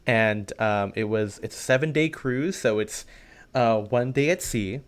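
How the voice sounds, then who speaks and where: Casual male podcast co-host, mid-pitched, chatty and meandering. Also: unhurried, clean tone. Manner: rambling, many fillers and restarts. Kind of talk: casual chat.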